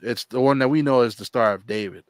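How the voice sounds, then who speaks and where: A man's voice: medium pitch, fast, smooth, no room sound, clean studio sound. A man hosting his own channel, telling a long rambling story in casual chat, repeating words and acting out what people said. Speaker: channel host.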